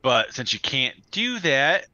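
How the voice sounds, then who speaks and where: A man's voice: mid-range voice, very animated, takes it slowly, bright, forceful tone, no room sound. A man co-hosting a gaming live stream in casual chat, laughing now and then between points. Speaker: co-host of a game live stream. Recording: dull, lo-fi sound.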